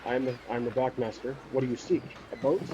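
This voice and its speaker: A man's voice: mid-range voice, fairly even intonation, quick pace, dark tone, a little hiss or hum, voice pushed down, close to an everyday voice. A man voicing a guarded female dockmaster in a solo tabletop game, curt and questioning, on a dull lo-fi recording. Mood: wary. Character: guarded woman dockmaster, wry and wary.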